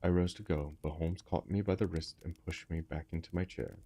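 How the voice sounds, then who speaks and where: A man narrating a classic story in a measured, even manner. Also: low-pitched, slightly rough. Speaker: audiobook reader. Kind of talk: reading a classic story aloud.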